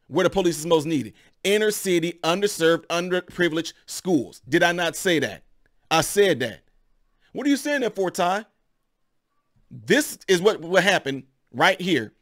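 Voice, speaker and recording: Heated, rambling man with a higher voice. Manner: animated, rambling, addresses viewers as y'all. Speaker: commentary channel host. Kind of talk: heated opinion commentary.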